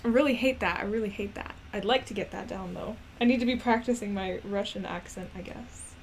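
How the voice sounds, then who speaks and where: A woman's voice: mid-range voice, fairly quick, a little hiss or hum. A woman chatting casually as she plans a character, rambling and laughing at herself. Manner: rambling, many fillers, self-mocking. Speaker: animation creator. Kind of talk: casual chat, thinking aloud.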